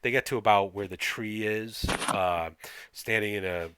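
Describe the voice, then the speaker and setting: Low, bright-toned game master. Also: male voice, unhurried, clear, resonant tone, no echo. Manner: hesitant, many fillers, reads aloud. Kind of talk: narrating a tabletop game.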